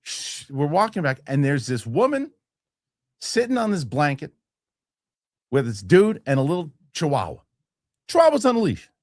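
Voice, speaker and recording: A man's voice: a little high, normal speed, long pauses, dry recording, studio quality. A man in his forties hosting a show, telling a heated story in a casual rant, swearing and acting out the people in it. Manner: heated, animated, swears, acts out quoted people. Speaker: show host.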